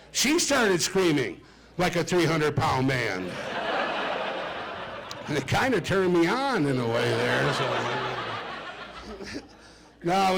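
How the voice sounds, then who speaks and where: A man's voice: fairly high pitch, creaky, a bit bright, a little hiss or hum. A middle-aged man doing a stand-up comedy set, chatty and self-mocking as he talks to the audience. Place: club stage with a live audience.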